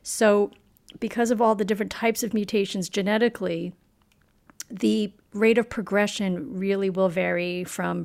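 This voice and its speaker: A woman interviewing a guest in a friendly, chatty way with quick asides. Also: medium pitch, creaky, darkish tone. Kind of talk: conversational interview.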